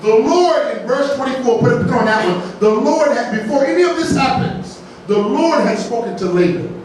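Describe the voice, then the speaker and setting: A man's voice: very high voice, lively intonation, moderate pace, darkish tone. A man preaching a folksy sermon as pastor, mixing jokes into the teaching and often asking "right?". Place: large church sanctuary. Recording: very echoey church, distant mic, faint noise.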